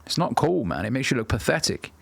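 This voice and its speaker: A man's voice: mid-range voice, sing-song, quick pace, creaky, fairly bright tone, breathy edge. A man in his thirties giving blunt, profane self-improvement advice straight to the camera as a coach. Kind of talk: direct-to-camera advice talk.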